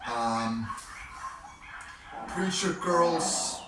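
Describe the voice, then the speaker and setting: A man's voice: on the high side, animated, drawn-out words. A man filming his own workout and explaining his training step by step in a casual vlog, at times out of breath between sets. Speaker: fitness vlogger. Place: gym, indoors. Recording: echoey room, voice from far off, clear background noise.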